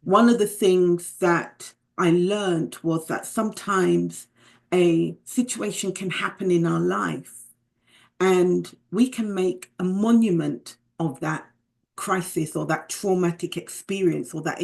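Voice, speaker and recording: Gravelly, low-voiced British woman. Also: steady tone, slow, darkish tone. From United Kingdom. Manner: reflective, candid, with faith remarks. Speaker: guest. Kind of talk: personal storytelling in conversation.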